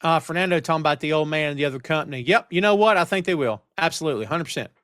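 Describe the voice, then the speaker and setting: Rapid-fire and fairly high-pitched, a middle-aged podcast host rants with energy on his live wrestling talk show while reading out chat comments. He works on camera from a home studio with headphones and a studio mic, and the studio-quality audio carries no room sound.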